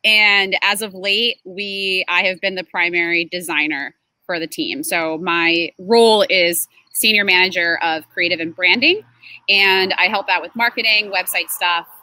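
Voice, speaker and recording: A woman's voice: lowish voice, a little slow, pushed and bright, no echo, low-quality recording. A woman in her twenties being interviewed about her design work, chatty and laughing often, with lots of fillers. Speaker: creative and design manager, interviewee. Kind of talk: casual interview.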